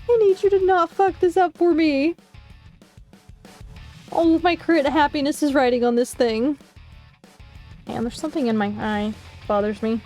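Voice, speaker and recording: A woman with a high voice chats casually on stream while drawing. She swears freely and tells stories animatedly, slipping into mocking voices for other people. Faint music plays quietly in the background. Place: home streaming setup.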